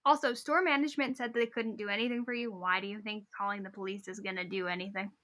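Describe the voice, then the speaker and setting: A woman's voice: mid-range voice, steady tone, fast talker, pushed and bright. A woman co-hosting a podcast, reading stories aloud and chatting with an emphatic, exasperated manner. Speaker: podcast co-host.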